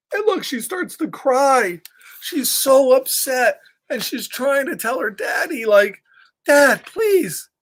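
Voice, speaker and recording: A man reading a picture book aloud to young children, with animated, chatty asides to his listeners. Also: very high-pitched. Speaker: storytime reader for children.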